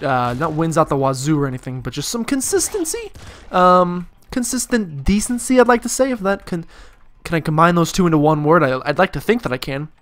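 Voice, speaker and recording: A man giving casual gameplay commentary, rambling and self-deprecating with jokey asides. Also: on the high side. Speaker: let's play commentator.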